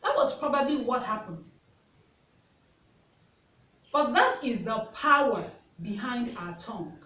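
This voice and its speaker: An expressive woman with a fairly bright voice on the high side takes her time telling reflective stories to camera. She's a mother and part-time teacher who speaks earnestly and keeps questioning the viewer. The distant mic yields a roomy sound with faint ambience.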